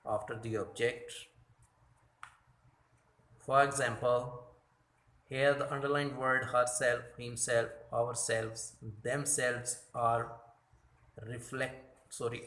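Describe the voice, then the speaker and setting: Slow, deliberate male grammar teacher. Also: mid-range voice, pushed and bright, reverberant. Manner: slow and deliberate, corrects his own slips. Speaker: English teacher. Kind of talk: grammar lesson explaining slides.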